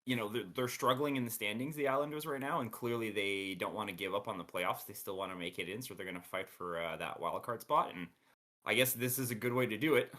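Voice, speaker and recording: A man co-hosting a podcast in casual chat, measured and steering the discussion. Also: lowish voice, fairly bright tone. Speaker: podcast co-host.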